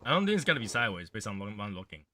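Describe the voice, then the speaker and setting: A man's voice: fairly low pitch, sing-song, rapid-fire, bright, forceful tone, slight background noise. A man hosting a casual livestream chat, rambling in a gloomy, offhand way and swearing now and then. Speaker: livestream host.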